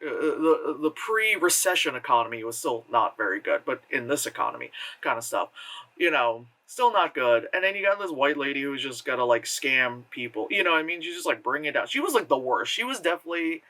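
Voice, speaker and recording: A man's voice: mid-range voice, very animated, fairly quick, pushed and bright. A man rambling through a casual movie review, peppering his retelling with fillers and profanity. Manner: rambling and profane, full of "like" and "you know"; acts out characters' lines in exaggerated voices. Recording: voice distant from the mic.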